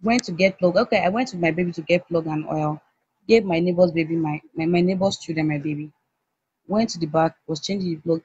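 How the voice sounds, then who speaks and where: Husky Nigerian woman telling a heated story. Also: fairly low pitch, a little fast, darkish tone. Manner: heated, emotional retelling with many restarts. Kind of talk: personal storytelling. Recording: dull lo-fi recording.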